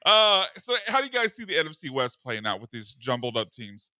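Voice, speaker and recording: A man hosting a casual sports radio talk show, joking and animated as he debates football picks. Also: mid-range voice, brisk, clean tone, no room sound. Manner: joking, animated, laughs often.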